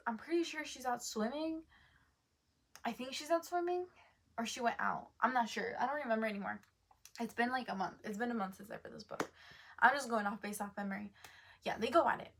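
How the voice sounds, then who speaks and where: Chatty rambling woman, higher voice. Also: fairly quick, slightly rough. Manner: rambling, full of "like" and "um", corrects herself. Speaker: book reviewer. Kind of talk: casual book review chat.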